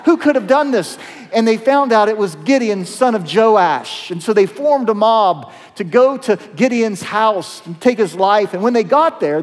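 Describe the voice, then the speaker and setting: High-voiced pastor telling a story. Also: male voice. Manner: animated, playful storyteller. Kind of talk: storytelling sermon. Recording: long hall reverb.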